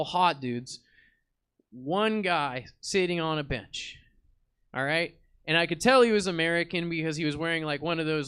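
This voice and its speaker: A man's voice: a little high, a bit bright, smooth. A man performing an improvised comic monologue, telling a rambling story in a laid-back slacker voice full of fillers. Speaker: improv comedian. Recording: stage theater performance.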